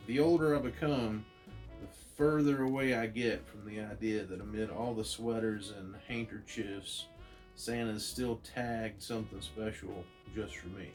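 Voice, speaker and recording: A man's voice: on the low side, fairly even intonation, unhurried, darkish tone, faint music behind, close to an everyday voice. A man reading as an earnest young male hero.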